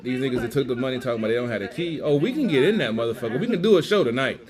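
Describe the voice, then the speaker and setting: A man's voice: medium pitch, lively intonation, rapid-fire, a crowd in the background. A man co-hosting a radio talk show, speaking brashly and with plenty of profanity. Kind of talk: casual chat.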